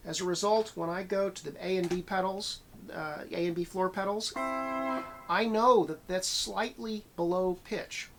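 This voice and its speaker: A man's voice: sits high, fairly bright tone, slight background noise. A man giving a steel guitar lesson, thinking aloud with many fillers and restarts. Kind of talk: instructional talk between playing.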